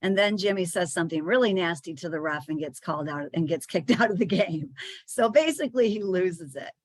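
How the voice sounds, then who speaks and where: A woman's voice: fairly low pitch, fairly quick, no room sound. A woman giving a chatty presentation to sales leaders, with frequent fillers and small restarts.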